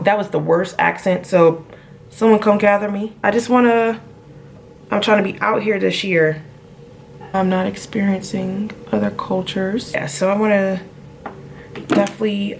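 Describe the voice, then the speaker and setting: A woman's voice: medium pitch, vocal fry, a little hiss or hum. A young woman with features chatting casually to viewers while doing her makeup at home, often trailing off mid-thought. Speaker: vlogger. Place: home room.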